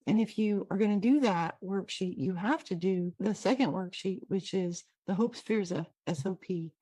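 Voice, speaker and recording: A woman's voice: medium pitch, moderate pace, dark tone, no echo. A woman from Washington State with a Pacific Northwest American accent, hosting a casual, digressive and upbeat teaching talk over a computer mic. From Washington State, USA. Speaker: host and trainer.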